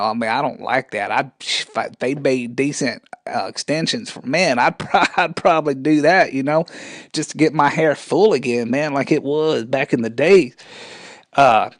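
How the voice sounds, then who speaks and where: A man puts on a scrawny, rambling man with a drawl, tacking "man" onto every phrase and tripping over his words when he speeds up. He is touchy and gets riled up fast. The voice sits at a middle pitch in a dry, close room. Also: no room sound, close to an everyday voice. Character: scrawny rambling country man with thinning hair.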